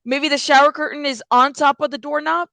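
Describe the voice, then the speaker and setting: Woman doing true crime reaction commentary, chatty, slightly high voice, dry close sound. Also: steady tone, fairly quick, vocal fry, bright, forceful tone, no room sound. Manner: chatty, addresses viewers directly.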